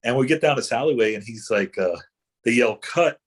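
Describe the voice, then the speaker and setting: Husky man rambling through stories. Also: medium pitch, animated, a little fast. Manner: rambling anecdotes, many fillers and restarts. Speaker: actor guest. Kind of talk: casual chat.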